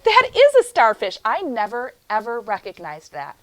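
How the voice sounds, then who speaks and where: A young adult woman teaching a phonics lesson to young children in an animated, sing-song teacher voice. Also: fairly high pitch. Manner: animated, sing-song teacher voice, slows for chanted poem lines.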